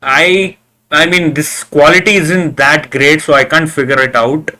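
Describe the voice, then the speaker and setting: A man giving casual live reaction commentary, excitable, cheering and groaning at the screen, often repeating himself as he talks. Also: a little high, a little slow, slight background noise. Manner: repeats words and restarts often. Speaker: reaction video host.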